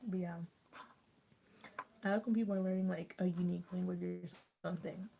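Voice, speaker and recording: Eating on camera, this young woman talks fairly quickly in a lowish, steady, warm voice with some creak. She rambles, restarts often and says "like" a lot, and the poor audio has slight background noise.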